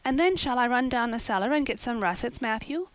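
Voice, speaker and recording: A chatty, dreamy young girl pours out long eager sentences in a lifted, higher voice, as a woman reads her part. The storybook voice sits in a dry, close sound. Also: lively intonation, a little fast, no echo, close to an everyday voice, low-quality recording. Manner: eager, run-on, wordy talk.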